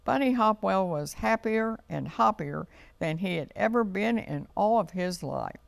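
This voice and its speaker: A man reads a children's storybook aloud, gently and unhurriedly. His voice is deeply gravelly and he takes his time over every phrase. The sound is close and dry. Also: lively intonation, dry recording. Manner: slow, gentle read-aloud delivery.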